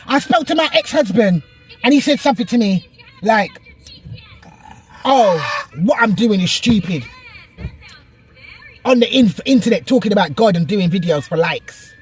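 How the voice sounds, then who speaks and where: A woman preaching into her phone camera, emphatic and excitable. She hammers her points home through repetition, in a voice of middling pitch. Soft music plays faintly behind her. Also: a little fast. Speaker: online preacher. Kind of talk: impassioned prophetic encouragement vlog. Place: out and about, in a shop and a car.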